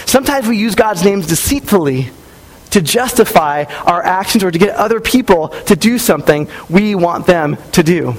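A man's voice: high-pitched, lively intonation, moderate pace, poor audio. A man in his thirties preaching a sermon as a pastor, speaking conversationally and acting out quotes as he tells stories. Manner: conversational, storytelling with acted-out quotes.

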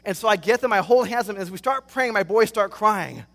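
A man preaching a sermon as pastor, telling stories in an animated way and acting out reactions. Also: high-pitched, fast talker, gravelly, in a large hall. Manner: animated storytelling, acts out reactions.

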